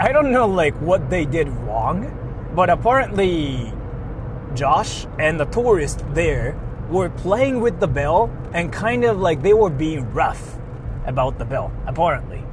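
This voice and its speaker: A man telling a story in a casual vlog, animated and full of filler words. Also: fairly high pitch, noisy background. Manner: animated, heavy use of filler "like", laughs often. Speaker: vlogger. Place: inside a car.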